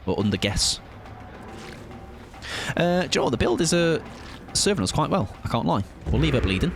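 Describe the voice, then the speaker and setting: A man's voice: fairly high pitch, sing-song, normal speed, music in the background. A man streaming a live game, chatting playfully to his viewers while he plays. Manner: chatty and playful, talks to chat while playing. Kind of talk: live gameplay commentary.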